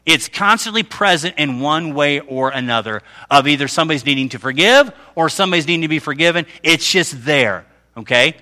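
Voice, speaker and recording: A man's voice: fairly high pitch, bright, forceful tone. A middle-aged man preaching a conversational sermon, often checking in with his listeners. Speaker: pastor.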